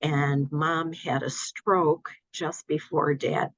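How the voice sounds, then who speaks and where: An older woman talking in a relaxed interview, hesitant with many fillers and restarts, over a dull audio line. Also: low-pitched, takes it slowly, dry recording. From United States. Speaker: guest. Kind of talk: casual interview.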